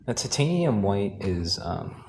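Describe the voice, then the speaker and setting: Low-voiced man teaching a painting demo. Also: a little slow, slight background noise. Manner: relaxed, thinking aloud while painting, self-correcting. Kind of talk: live painting demonstration.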